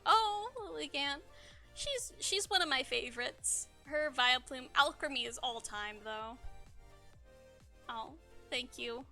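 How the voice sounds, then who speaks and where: Brief: young woman streamer, high and bright, chatty and giggly, soft music underneath. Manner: bubbly, chatty, giggly, stumbles over words. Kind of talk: casual livestream chat.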